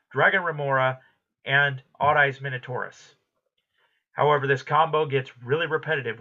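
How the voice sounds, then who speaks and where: A man's voice: mid-range voice, sharp tone, dull audio. A man giving a casual recap of an anime episode, quoting the characters as he goes. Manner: retells plot quickly, quoting characters in passing.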